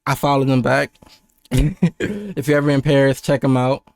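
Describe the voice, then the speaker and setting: A man's voice: mid-range voice, normal speed, gravelly, no echo, clean studio sound. A young American man chatting casually on a livestream, rambling and laid-back with lots of restarts and laughs. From United States. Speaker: streamer.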